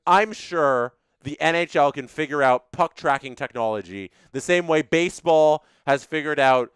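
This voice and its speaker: A man with a slightly high, smooth, resonant voice hosts a live stream, reading out viewer chats and ranting with strong opinions. He often repeats himself for emphasis. The sound is dry and close. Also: normal speed, fairly bright tone, dry recording.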